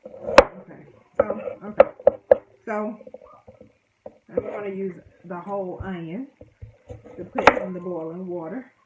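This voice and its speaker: A woman's voice: on the low side, measured pace, pauses often, reverberant, highs cut off, very noisy. A woman making a casual home cooking vlog, chatting to her viewers in a self-deprecating way as she cooks in her kitchen.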